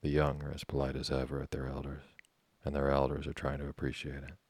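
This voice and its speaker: A man voicing a grave, measured ship's chief engineer. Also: a bass voice, monotone, a little mellow, slightly rough, dry recording, heavily acted.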